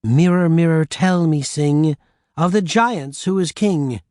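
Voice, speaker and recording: A man's voice: fairly high pitch, slow, no room sound, clean studio sound. A man voicing a bold, frustrated young girl in an audiobook. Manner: exasperated, excited cries.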